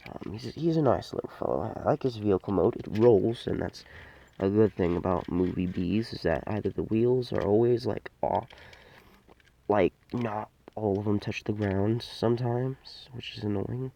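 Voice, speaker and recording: A man's voice: lowish voice, moderate pace, creaky, dark tone, dull audio. A man giving a casual, unscripted toy review, rambling and hesitant with many fillers and restarts.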